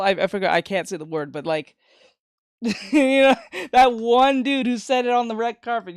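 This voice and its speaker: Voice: medium pitch, lively intonation, moderate pace, smooth, no echo, clean studio sound. An art streamer chatting casually while drawing, rambling and swearing with many restarts.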